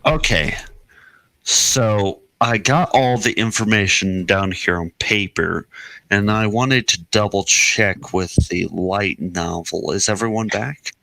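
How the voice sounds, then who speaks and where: A man running a tabletop game, chatting casually in a musing, halting way. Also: lowish voice, gravelly, sharp tone, no room sound. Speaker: game master. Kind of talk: casual chat between game sessions.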